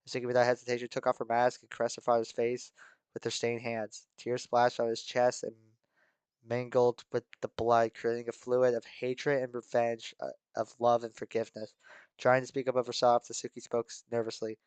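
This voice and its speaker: A man's voice: mid-range voice, completely flat delivery, moderate pace, darkish tone, smooth, no echo. A man reading a game's story aloud, breaking off into shocked, incredulous reactions. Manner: shocked, incredulous outbursts between narration.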